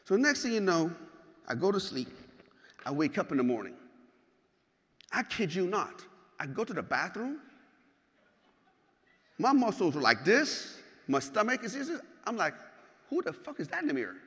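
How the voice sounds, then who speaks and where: Bright-voiced man giving a keynote. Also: sits high, measured pace, pauses often. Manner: animated and profane, acts out scenes. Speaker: keynote speaker. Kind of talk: motivational keynote storytelling. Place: large hall. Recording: hall with long reverb.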